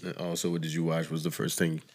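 A man's voice: very deep voice, completely flat delivery, quick pace. A man in casual chat, teasing and wisecracking.

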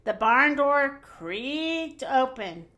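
A woman reading a children's picture book aloud in an expressive, animated storytelling manner. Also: high-pitched, extremely slow.

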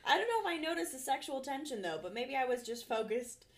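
A woman's voice: high-pitched, big pitch swings, quick pace. Chatty laughing young woman co-host. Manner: chatty, laughing, filler-heavy storytelling. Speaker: podcast co-host. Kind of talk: casual chat.

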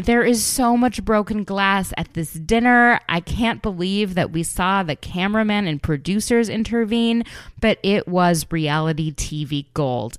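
A woman hosting a podcast, recapping reality television in an animated, gossipy way and acting out the cast members' quoted lines. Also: on the low side, smooth, no echo, studio quality. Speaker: podcast host.

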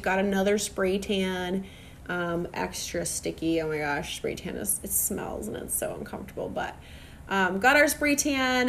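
A young woman from Minnesota chatting casually to her viewers, telling a lively story full of fillers and asides. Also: medium pitch, a little hiss or hum. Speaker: vlogger. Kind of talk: casual chat to camera.

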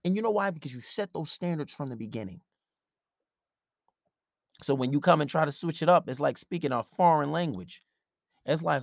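Guy with a high gravelly voice going off, cussing a lot, dry close sound. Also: lively intonation, fairly quick, a bit bright, dry recording. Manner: profane, blunt, confrontational. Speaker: relationship advice commentator. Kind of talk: ranting advice monologue.

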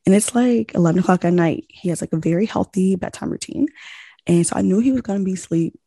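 A young woman chatting casually, telling a long story with animated retellings of quoted exchanges and lots of "like.". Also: fairly low pitch, fast talker, husky, no room sound, clean studio sound. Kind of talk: casual chat.

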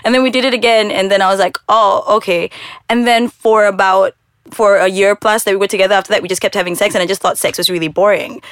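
A woman's voice: medium pitch, steady tone, quick pace, smooth, no room sound, clean studio sound. A woman co-hosting a frank chat, candid and playful with frequent laughs. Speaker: podcast co-host.

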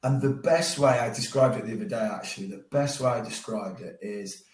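A man, a former cricketer as podcast guest, telling a story in a lively way and acting out his own thoughts. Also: mid-range voice, a little fast, recorded from a distance. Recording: roomy sound, a bit off mic.

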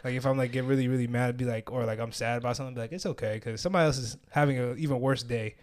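A young man hosts a podcast in relaxed, slang-heavy chat, laughing often as he tells his stories. His voice sits at an ordinary middle pitch. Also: very fast. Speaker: podcast host. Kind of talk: casual chat.

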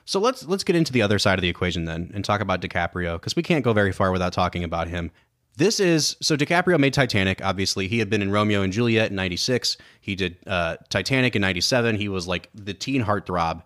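A man's voice: lowish voice, expressive, quick pace, fairly bright tone. A man co-hosting a casual film podcast, talking enthusiastically and analytically about a movie. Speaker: podcast co-host.

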